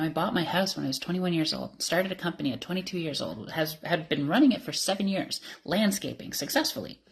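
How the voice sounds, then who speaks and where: A woman's voice: fairly low pitch, darkish tone. A woman in her thirties telling her life story candidly and emotionally, laughing often. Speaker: interviewee. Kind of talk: personal storytelling.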